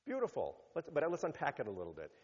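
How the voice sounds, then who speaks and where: A rabbi giving a sermon, animated, rising to emphatic peaks and then dropping low. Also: male voice, fast talker, slightly rough. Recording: muffled sound with long hall reverb.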